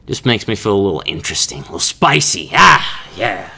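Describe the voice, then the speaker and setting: A man's voice: on the low side, big pitch swings, a little fast, creaky, noisy background. A young man hosting a casual solo podcast, rambling and joking with laughs between his thoughts. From Kansas. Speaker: podcast host.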